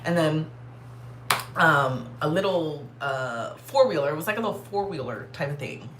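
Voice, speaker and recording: Animated, swearing woman telling a story. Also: low voice, moderate pace, reverberant, background noise. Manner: animated, profane, heavy filler "like". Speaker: vlogger. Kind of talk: casual storytelling.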